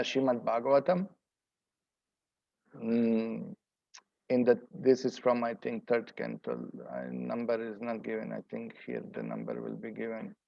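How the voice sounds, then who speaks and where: A man teaching a scripture seminar, explaining verses word by word in an unhurried, explanatory way. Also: mid-range voice, gravelly, a little mellow, muffled recording. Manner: explanatory, pauses to translate word by word.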